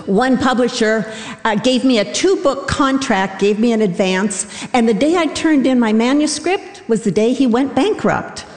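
A woman's voice: a little high, a little mellow. A middle-aged woman telling a self-deprecating, wry personal story live on a theater stage. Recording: roomy hall reverb.

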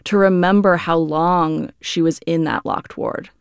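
Smooth-voiced woman author on radio. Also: on the low side, fairly even intonation, measured pace, no room sound. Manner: thoughtful, explanatory, with frequent fillers. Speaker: author and interview guest. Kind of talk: radio interview.

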